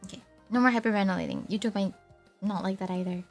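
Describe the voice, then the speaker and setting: A young woman chatting casually on a livestream, rambling, teasing herself and laughing often. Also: medium pitch. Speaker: VTuber streamer.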